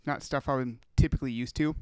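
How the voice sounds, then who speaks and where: A man's voice: mid-range voice, fairly even intonation, brisk, clean tone, no echo, clean studio sound. Laughing man, casual podcast. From Minnesota. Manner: laughs often, rambling storyteller. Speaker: podcast co-host. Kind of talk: casual chat.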